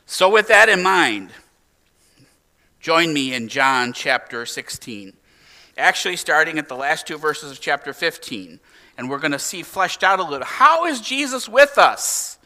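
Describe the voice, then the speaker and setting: Male pastor, higher-pitched bright voice, animated sermon delivery, slightly distant church mic. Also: a little slow. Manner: animated preaching with emphatic rises and hushed drops.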